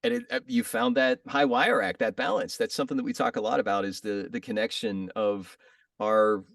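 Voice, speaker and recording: A man's voice: on the low side, animated, a little fast, vocal fry, no room sound, clean studio sound, far from the mic. A man hosting an interview, asking rambling, self-correcting questions and laughing often. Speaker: podcast interviewer.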